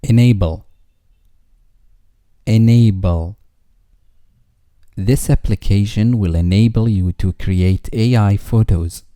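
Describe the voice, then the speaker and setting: A man reading English vocabulary words twice each, followed by a slow example sentence. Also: on the low side, warm tone, no room sound, clean studio sound.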